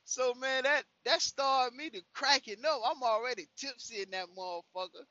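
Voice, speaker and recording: A man's voice: extremely high pitch, normal speed, sharp tone, no echo, lo-fi sound. A young man telling a profane story in casual chat from his car, full of "you know what I'm saying". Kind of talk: casual storytelling while driving.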